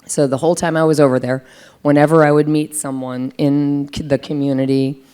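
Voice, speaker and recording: A woman's voice: low voice, level tone, brisk, dark tone, clear, resonant tone. A middle-aged American woman, a senior business leader, talking reflectively in a fireside chat with frequent fillers. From United States.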